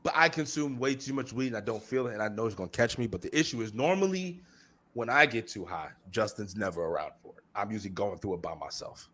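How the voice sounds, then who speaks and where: Animated, bright-voiced podcast co-host man. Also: on the low side, quick pace. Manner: animated, swears a lot, laughs often. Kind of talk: casual chat.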